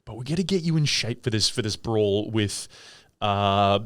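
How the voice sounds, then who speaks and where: A man's voice: on the low side, expressive, moderate pace, smooth, dry recording, studio quality. A man co-hosting a podcast in casual, rambling chat, riffing and throwing in impressions. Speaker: podcast co-host.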